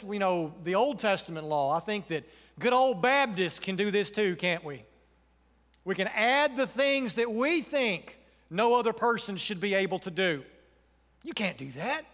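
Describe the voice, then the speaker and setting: A pastor preaching a sermon in earnest, his voice rising to emphatic questions and then dropping soft. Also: high voice. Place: church. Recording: church hall with long reverb.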